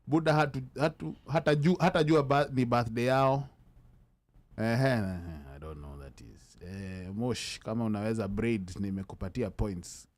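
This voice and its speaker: A man's voice: mid-range voice, normal speed. A man with a Kenyan accent hosting a casual live-stream chat, switching freely into Sheng and reading out viewer comments as they come in. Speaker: host.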